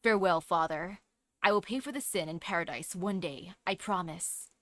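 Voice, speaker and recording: A woman's voice: lowish voice, moderate pace, fairly bright tone, no room sound, pitched below the performer's own voice, natural voice. A woman voicing an earnest young male knight from a game, solemn and announcing. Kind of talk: reading game dialogue aloud.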